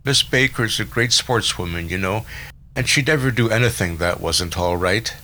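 A man's voice: fairly low pitch, normal speed, sharp tone, slight background noise. A man voicing a charming, courteous wealthy young man who speaks in an assuring way in a storybook reading.

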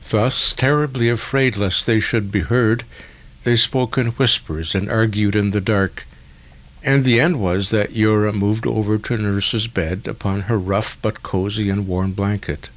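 A man narrating a literary story in a measured, deliberate way. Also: fairly low pitch. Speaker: audiobook narrator.

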